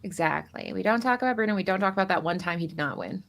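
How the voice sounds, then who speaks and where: A woman's voice: on the low side, expressive, fairly bright tone. A woman hosting a live game stream, chatting casually, rambling and joking as she introduces players. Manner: bubbly, rambling, quick to joke. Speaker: stream host and commentator.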